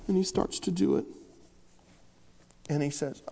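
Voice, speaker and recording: A man's voice: high voice, lively intonation, moderate pace, pauses often, mellow. A man preaching a sermon as pastor, telling stories with self-deprecating humor and acting out the voices of the people in them. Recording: long hall reverb.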